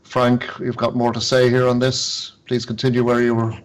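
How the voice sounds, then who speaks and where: Male interview host, relaxed, medium pitch. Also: normal speed. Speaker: radio show host. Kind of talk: casual interview hosting.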